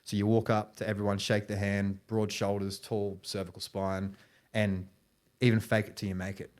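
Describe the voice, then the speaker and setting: A man with a lowish voice speaks as a podcast guest. He tells his story casually, rambling and restarting phrases as he goes. His speech is dotted with "you know" and "right". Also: little pitch movement, normal speed, a little mellow.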